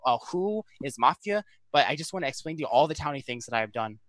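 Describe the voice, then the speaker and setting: Young-sounding male player, hoarse and pleading, quick, fairly high voice. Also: animated, a bit bright, no room sound. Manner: pleading, stammering repeats. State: losing his voice. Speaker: game player. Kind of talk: heated group argument.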